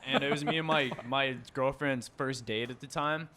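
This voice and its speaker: A man's voice: medium pitch, fairly even intonation, moderate pace, sharp tone, a little hiss or hum. A man who plays drums in a band, guesting on a podcast and telling a story in loose casual chat, swearing and laughing.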